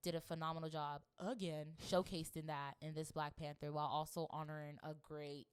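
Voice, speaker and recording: A woman with a low, smooth voice talks a little fast as she hosts a podcast. Her casual chat rambles, animated and packed with fillers.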